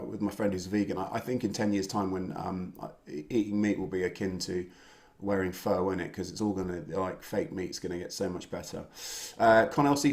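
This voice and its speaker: A man's voice: deep voice, darkish tone. A man from England hosting an online pub quiz from home, chatting casually and greeting viewers by name with lots of fillers. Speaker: quiz host. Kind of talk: casual live-stream chat.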